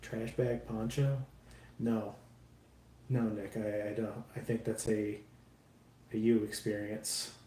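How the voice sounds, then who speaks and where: A man builds a model kit on a live stream, chatting casually with viewers in a rambling, self-deprecating way and swearing freely. His voice is lowish and dark, flat and slow with long pauses, and the room echoes over faint background noise.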